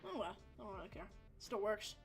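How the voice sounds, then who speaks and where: A woman's voice: medium pitch, very animated, fairly quick, soft background music. A young woman chatting casually on a game livestream, rambling, swearing freely and laughing often. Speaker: game streamer. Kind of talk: casual livestream chat over gameplay.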